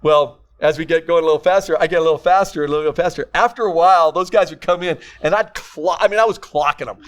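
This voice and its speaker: An older man, a grandfather, spins stories with a bit of a higher voice for a man and plenty of animation. He laughs often and keeps the chat casual and lively as he co-hosts. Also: fast talker. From California. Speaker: podcast co-host.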